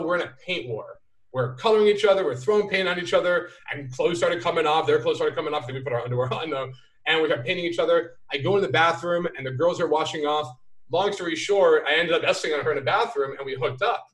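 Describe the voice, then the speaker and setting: Brief: man, a bit high, lively raconteur, roomy sound, set back from the mic. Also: far from the mic. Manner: animated, acts out quoted voices. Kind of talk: casual storytelling chat.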